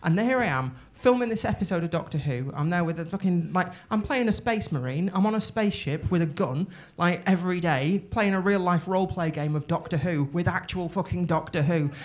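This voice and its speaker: In a comedy club, a woman holds a handheld mic and launches into a stand-up story at a fairly quick clip, barely pausing. Her voice is on the low side, and her telling is excitable, foul-mouthed, and full of restarts and tangents.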